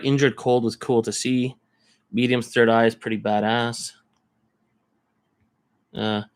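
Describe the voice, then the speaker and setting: Guy from canada rambling on a live stream, thinking out loud, dry close mic, mid voice. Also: mid-range voice, dry recording. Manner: rambling, thinks aloud while browsing listings. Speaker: card collector streamer. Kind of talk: casual live-stream chat.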